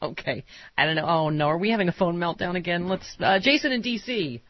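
A woman hosting a talk radio show, teasing her guest and bantering quickly. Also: on the low side, dry recording, muffled recording.

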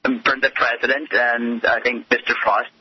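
A man joins a talk radio show by phone, making his case with steady indignation. His voice is husky and dry, with no room sound around it. The dull, muffled line takes the shine off every word. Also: medium pitch, unhurried, no room sound. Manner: impassioned, indignant argument. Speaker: guest commentator.

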